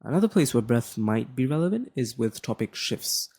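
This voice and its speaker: A man's voice: medium pitch, big pitch swings, moderate pace, darkish tone, husky. A young Australian man with a general Australian accent, explaining a lesson as a tutor in a casual, rambling way with many fillers and restarts.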